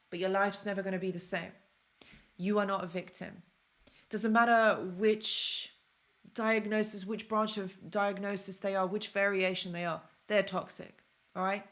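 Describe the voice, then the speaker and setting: A woman hosts a live stream about toxic relationships. She talks casually and emphatically and turns excitable when she speaks straight to her viewers. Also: mid-range voice.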